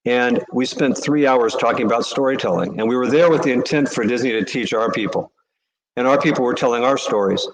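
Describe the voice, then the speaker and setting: A man, a charity CEO, answering interview questions with earnest, animated storytelling. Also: medium pitch, a little fast, low-quality recording.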